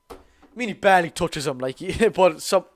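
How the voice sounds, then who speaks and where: A teenage man with a Geordie accent giving a live fan commentary on a football match, talking to his chat, his voice going hoarse. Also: high voice, measured pace. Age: teens. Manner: excitable, chatty, calls the play and talks to chat. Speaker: fan watch-along host.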